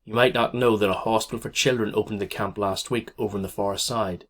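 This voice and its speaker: A man reading an audiobook, voicing a kind woman neighbour who warns quietly and earnestly. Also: on the low side, fairly even intonation, brisk, lightly acted. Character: kindly woman neighbour, calm and caring.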